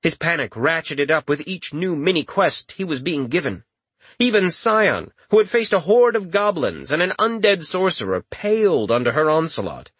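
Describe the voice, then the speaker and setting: A man narrating a fantasy story in a wry, expressive reading. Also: fairly high pitch, moderate pace, husky, no room sound. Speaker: audiobook narrator. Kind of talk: scripted narration.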